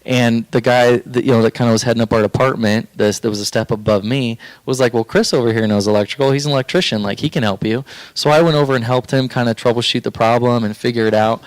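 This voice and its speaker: A man's voice: medium pitch, fairly even intonation, quick pace, few pauses, no room sound. A young man sharing a personal faith story on a podcast, earnest and heartfelt, rambling with fillers and restarts as he talks.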